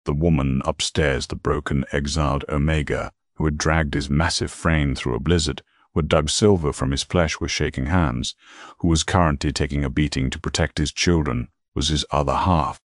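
A man narrating a fantasy story in a dramatic, measured style. His voice is extremely deep, and the recording is dry and close. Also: fairly even intonation, no room sound. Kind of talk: scripted narration.

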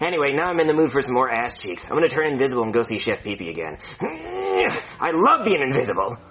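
A man's voice: medium pitch, huge pitch swings, fast talker, sharp tone. A man voicing an odd, spacey young man who talks in a goofy, giggly way. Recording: muffled, crowd noise behind.

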